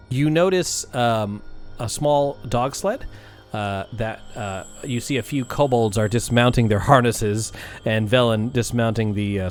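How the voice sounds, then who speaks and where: A man's voice: fairly low pitch, slight background noise. A man running a tabletop game as dungeon master, narrating scenes with frequent fillers.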